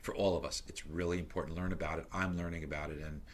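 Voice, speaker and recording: A middle-aged man as a podcast guest, telling stories in a lively, animated way that grows loud and excited. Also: extremely low pitch, very fast. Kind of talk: casual interview storytelling.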